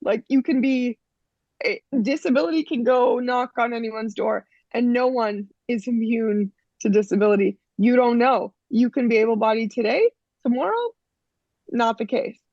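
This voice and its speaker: A woman's voice: fairly high pitch, moderate pace, darkish tone, dry recording, dull audio. A woman from Canada, a guest in an interview, talking frankly and emphatically with many restarts. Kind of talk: casual interview talk.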